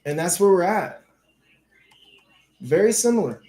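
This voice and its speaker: A man's voice: sits high, sing-song, unhurried, mellow. A man hosting a casual livestream, talking loose and slangy with frequent swearing. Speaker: livestream host.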